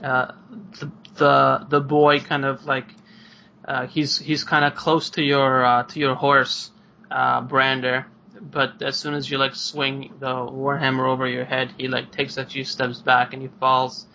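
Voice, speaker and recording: Man, game master, rambling narration, fillers, gravelly, faint hiss. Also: medium pitch, completely flat delivery, a little slow, bright, forceful tone. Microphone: video call. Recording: muffled lo-fi online call.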